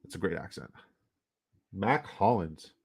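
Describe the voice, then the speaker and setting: A man's voice: low-pitched, expressive, a little slow, husky. A man from Canada, giving loose, jokey commentary and swearing casually while running down a fantasy football draft.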